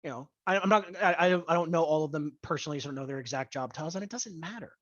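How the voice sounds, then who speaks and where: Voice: mid-range voice, fairly bright tone, no echo. Foul-mouthed sports rant, angry and crude, heavy swearing, pointed emphasis, dry lo-fi audio. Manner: stresses words with deliberate emphasis. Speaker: podcast host. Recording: dull lo-fi dry recording.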